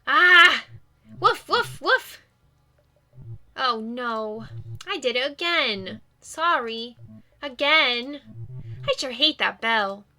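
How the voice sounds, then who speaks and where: A woman voicing a cheerful, sweet male ghost dog as she reads a game's dialogue aloud in a bouncy, excitable, earnest way. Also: fairly high pitch, slow, exaggerated voice. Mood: eager. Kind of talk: reading game dialogue aloud.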